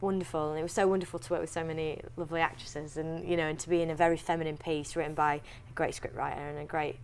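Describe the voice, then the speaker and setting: Low-voiced chatty Yorkshire woman. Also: level tone, a little hiss or hum. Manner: chatty, quick laughs, trailing restarts. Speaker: actress interviewee. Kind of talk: casual interview chat.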